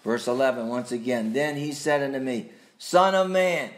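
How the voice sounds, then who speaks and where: A man preaching a sermon, slow and deliberate, with sudden emphatic rises and quiet asides. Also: mid-range voice, animated. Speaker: pastor.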